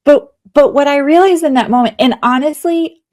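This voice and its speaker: A woman's voice: high voice, normal speed. A woman in her forties tells a personal story as a podcast guest. She talks casually and with animation, slipping into quoted inner voices as she goes. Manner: animated storyteller, acts out her own thoughts. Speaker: guest, author and leadership coach.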